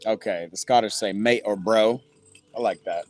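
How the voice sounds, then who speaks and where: A man's voice: on the low side, moderate pace, a little mellow. Chatty man hosting a football watch party. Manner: loose and chatty, swears, talks to viewers. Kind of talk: casual live-stream chat. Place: backyard, later indoors.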